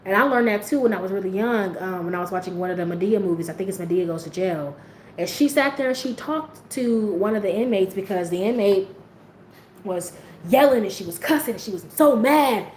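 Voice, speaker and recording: A woman's voice: medium pitch, lively intonation, brisk, darkish tone, roomy sound, a little hiss or hum, poor audio. A woman hosting a livestream, speaking frankly and with plenty of swearing as she talks straight to her viewers in a candid, motivational way. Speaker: livestream host.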